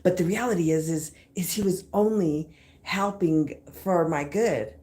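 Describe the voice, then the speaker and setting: A woman's voice: on the low side, measured pace, a little mellow. A woman in her thirties hosting a live stream and giving a casual motivational talk. She speaks emphatically, repeats phrases and mixes in slang.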